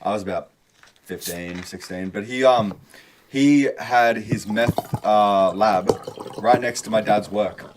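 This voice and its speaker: A man co-hosting a casual podcast, speaking haltingly and flatly about grim events. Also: fairly low pitch, noisy background. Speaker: podcast co-host. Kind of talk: casual chat.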